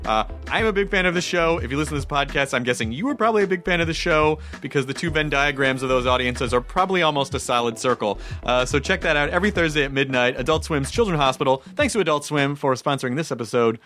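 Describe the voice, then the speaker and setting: A man's voice: a little high, animated, fast, few pauses, a bit bright, soft background music. A man hosting a podcast, reading ads and chatting casually, with plenty of "uh" fillers. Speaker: podcast host. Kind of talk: casual podcast chat and ad reads.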